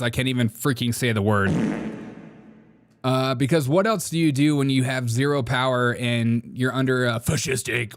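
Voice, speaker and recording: A man's voice: mid-range voice, vocal fry, fairly bright tone. Male host, casual sarcastic commentary, laughs a lot between remarks. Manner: sarcastic, laughs often while talking. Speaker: political commentary show host.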